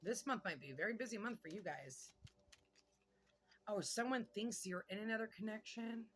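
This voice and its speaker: Woman tarot reader, bright edgy tone, loose and gabby, curses casually, thinks out loud. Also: mid-range voice, a little hiss or hum. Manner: chatty, excitable, swears casually, pauses to think aloud. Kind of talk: casual tarot card reading.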